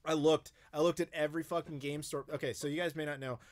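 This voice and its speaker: A fast-talking American man with a slightly high voice and steady tone hosts a casual live-stream Q&A on YouTube. He rambles through viewers' chat questions, dropping frequent fillers and profanity.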